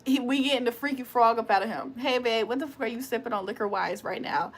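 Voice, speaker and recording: Talking fast in a fairly high voice, a woman runs a relaxed livestream. She reads viewers' chat aloud and teases them in a mock-preacher tone, staying playful and profane and laughing frequently.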